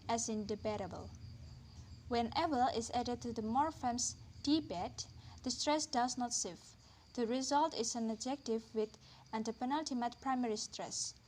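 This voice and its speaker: A woman with a somewhat high voice reads a linguistics lesson aloud, careful and deliberate. She slows down on each example word. A faint hiss sits under her voice. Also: a little mellow. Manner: careful, deliberate reading, slowing on example words. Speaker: lecturer.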